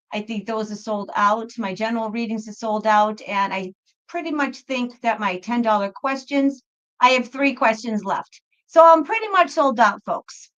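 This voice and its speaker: A woman's voice: on the high side, fairly bright tone. A woman hosting a live tarot stream, chatting casually and apologetically, with many fillers and repeated words. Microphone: computer microphone. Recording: dull, muffled microphone sound.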